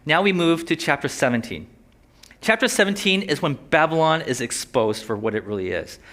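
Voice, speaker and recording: Brief: young male preacher, slight lisp, chatty sermon with jokey asides, bright forceful tone, pitched a bit high. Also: expressive, normal speed. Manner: conversational, joking asides, voices inner thoughts. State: slight lisp from a sore tongue.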